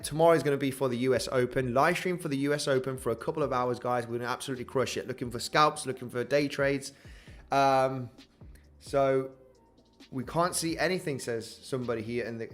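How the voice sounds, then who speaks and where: Man, crypto livestream host, casual hype, chatty, lots of fillers, mid pitch. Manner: upbeat, hypes the chart, greets chat viewers by name, says "guys" a lot; filler-heavy, many "you know" and restarts.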